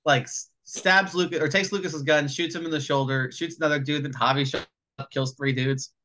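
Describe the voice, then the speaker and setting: Bright-voiced man recapping a film. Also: on the high side. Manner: animated, recaps scenes with quick mock dialogue. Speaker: podcast co-host. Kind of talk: casual movie review chat.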